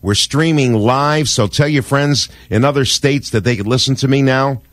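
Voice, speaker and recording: A man's voice: mid-range voice, moderate pace, no echo. Older man, radio host, effusive and sentimental, rambling, dry close studio mic. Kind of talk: warm casual radio talk. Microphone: studio microphone.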